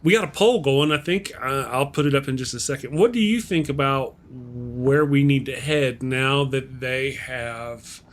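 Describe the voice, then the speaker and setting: A man's voice: medium pitch, unhurried, hardly any pauses, slight background noise. A man hosting a casual online talk show, jokey and upbeat. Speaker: show host. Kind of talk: casual chat.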